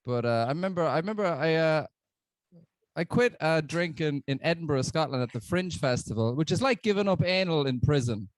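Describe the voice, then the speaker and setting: A man with an Irish accent doing a stand-up comedy set, self-deprecating and deadpan. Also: fairly high pitch, fairly quick. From Ireland.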